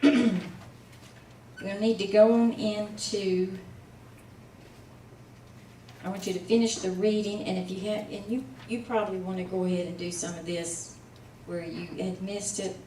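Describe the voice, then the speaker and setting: A woman teaching Hebrew speaks unhurriedly in a mellow, mid-range voice with fairly even intonation, pausing often. She coaxes her class patiently, a bit tired and heavy on fillers; the distant mic catches room echo and a little hiss or hum.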